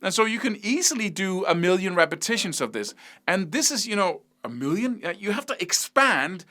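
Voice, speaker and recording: A man's voice: high-pitched, big pitch swings, normal speed, pushed and bright. A man teaching guitar, talking casually and singing picking rhythms out as syllables. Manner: conversational, repeats himself and restarts. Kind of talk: spoken guitar lesson.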